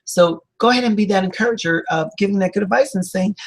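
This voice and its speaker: A man speaks as a counselor in an informal motivational talk. His voice is husky, with a gravelly edge. He sounds earnest and upbeat, and he rambles with fillers and restarts. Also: high-pitched, fairly quick, hardly any pauses, low-quality recording. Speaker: licensed counselor giving motivational advice.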